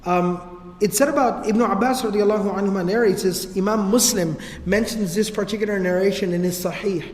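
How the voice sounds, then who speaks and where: A man's voice: sits high, a little fast. A man giving a casual, conversational religious history lecture, with slangy turns of phrase, in a large hall. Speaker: religious teacher. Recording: echoey hall with long reverb.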